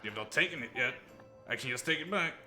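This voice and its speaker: A man's voice: mid-range voice, expressive, fast talker, pushed and bright, faint music behind. A man voicing a laid-back adventurer, dry and bargaining.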